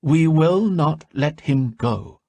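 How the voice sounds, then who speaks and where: A man's voice: on the high side, expressive, takes it slowly, creaky, darkish tone, no echo, pitched above the performer's own voice, exaggerated voice. A man voicing the menacing, lonely spirit of a dead father in an audiobook, cold and possessive. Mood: pleading.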